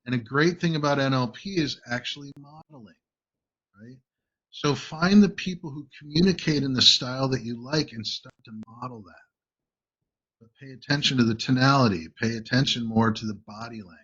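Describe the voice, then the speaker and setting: A man's voice: mid-range voice, normal speed, fairly bright tone, husky. A man hosting a show, coaching listeners in a casual, emphatic way and often checking in with "right?". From United States. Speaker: host and communication coach. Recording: dull lo-fi audio.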